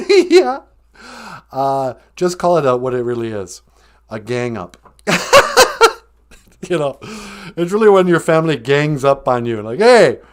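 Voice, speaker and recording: A man hosting a comedy podcast, delivering deadpan jokes and mock infomercial lines with bursts of laughter. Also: fairly high pitch. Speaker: podcast host. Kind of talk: joking comedic monologue.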